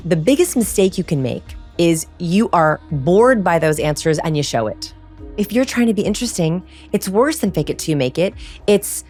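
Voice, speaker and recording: A woman's voice: lowish voice, lively intonation, normal speed, darkish tone, faint music behind. A woman, a body language researcher, talking as a podcast guest with energy, laughing often and acting out the lines she quotes. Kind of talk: animated podcast conversation.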